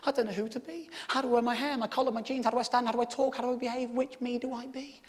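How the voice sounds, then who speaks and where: A man's voice: extremely high pitch, fairly even intonation, racing. A man doing stand-up storytelling on stage, sweary and full of profanity. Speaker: stand-up comedian. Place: stage in front of a live audience.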